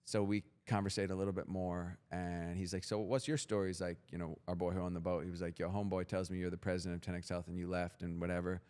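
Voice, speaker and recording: Man, deep voice, young adult, podcast guest, blunt, profane, motivational storytelling. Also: level tone, fast talker, hardly any pauses, a little mellow, smooth. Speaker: guest entrepreneur.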